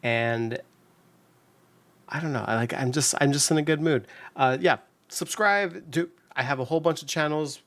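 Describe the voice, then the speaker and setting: A man's voice: fairly high pitch, moderate pace, fairly bright tone, no echo. A man hosting his puzzle channel, chatting casually and upbeat as he solves, with lots of fillers and restarts. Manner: rambling, upbeat, many fillers. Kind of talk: casual commentary while solving.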